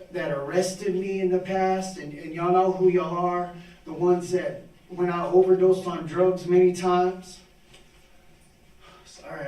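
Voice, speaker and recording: A man's voice: a little high, darkish tone. A middle-aged man gives a fervent, preacherly testimony at a city council meeting, repeating his phrases as he speaks. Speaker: honored community volunteer. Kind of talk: impromptu testimony speech. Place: city hall council chamber. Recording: echoey chamber from far off.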